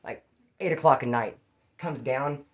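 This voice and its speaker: A man's voice: medium pitch, a little slow. A man casually telling stories in a profane, slangy way, acting out other people's lines as he goes. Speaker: former inmate storyteller. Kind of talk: casual storytelling.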